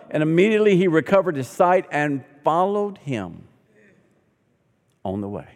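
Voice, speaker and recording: A male pastor preaching a sermon, telling the story with animated delivery and acting out the voices of its people. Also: medium pitch. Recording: long hall reverb.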